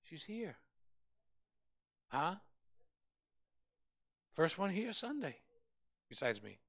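Fervent gravelly man preaching. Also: a little high, big pitch swings, extremely slow, a bit bright. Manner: fervent, emphatic, repeats for stress. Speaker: pastor. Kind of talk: preaching a Bible study.

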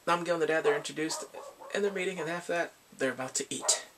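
A man giving a casual spoken drama review, retelling scenes in an animated way and acting out the characters' lines. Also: a little high, quick pace, crowd noise.

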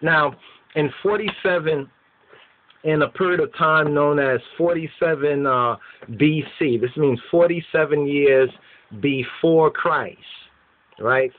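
A man giving an informal lecture who keeps checking in with his listeners, often asking "right?" and "you understand?". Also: mid-range voice. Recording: tinny phone-like sound.

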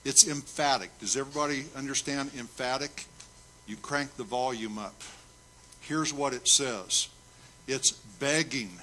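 Man, pastor, slow deliberate sermon, bright forceful tone, emphatic questions to the church. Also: medium pitch, slight background noise. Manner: emphatic preaching, asks the congregation questions. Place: church sanctuary.

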